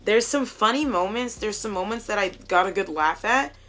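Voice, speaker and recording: A woman's voice: medium pitch, expressive, moderate pace, fairly bright tone. A young woman vlogging casually to her phone camera while doing her makeup at home, chatty, joking and candid, with plenty of swearing.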